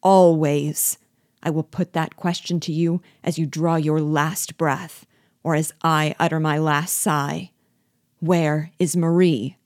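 A woman's voice: low-pitched, steady tone, a little slow, darkish tone, no room sound, clean studio sound. A woman voicing a furious young husband, reading his urgent, emphatic demands from a novel.

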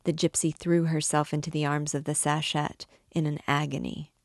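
A woman teacher reading a classic novel aloud in a measured, expressive narrating voice. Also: low voice, dry recording, clean studio sound. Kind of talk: audiobook-style novel reading.

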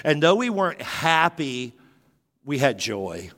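Animated preaching man in a reverberant hall. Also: fairly high pitch, slow pace. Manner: animated, jokey preaching with rising emphatic bursts. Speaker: pastor. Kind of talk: sermon.

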